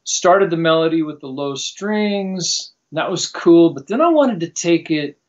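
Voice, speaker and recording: A man's voice: a little high, measured pace. Chatty man with a lo-fi sound. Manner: relaxed, chatty, laughs often. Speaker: composer. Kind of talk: casual interview talk. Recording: dull lo-fi sound.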